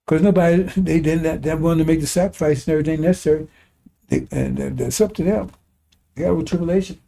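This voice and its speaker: High, dark-toned impassioned male preacher. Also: fast, creaky. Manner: impassioned, colloquial, mocking asides. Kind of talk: sermon commentary on scripture.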